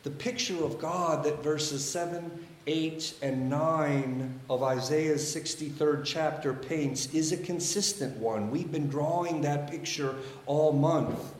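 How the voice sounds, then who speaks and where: Slow, measured male pastor preaching. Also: a little high, roomy sound, a little hiss or hum. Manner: measured, emphatic delivery with deliberate pauses. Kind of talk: sermon. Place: church sanctuary.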